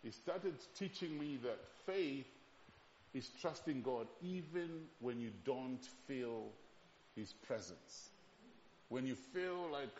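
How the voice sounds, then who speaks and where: A man preaching a sermon as pastor, passionate, moving from loud pleading to quiet reflection. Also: mid-range voice, slow, slight background noise. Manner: impassioned, swings from loud pleading to hushed reflection. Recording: echoey hall, dull lo-fi sound.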